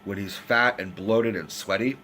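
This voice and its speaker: A man from the United States giving a loud, profane, rambling movie review in a casual rant. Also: fairly low pitch, a little slow. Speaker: film reviewer.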